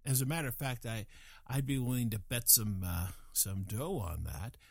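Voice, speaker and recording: A man in his sixties from Louisiana tells a group a long, digressive story, sprinkled with self-mocking asides. His medium-pitched voice is gravelly and unhurried at normal speed. The sound is studio quality with no room sound.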